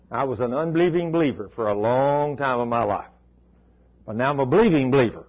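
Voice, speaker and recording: A pastor preaching a sermon in a folksy, emphatic way that repeats key words, on a dull lo-fi recording. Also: male voice, medium pitch, animated, quick pace. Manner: folksy storytelling, emphatic repetition.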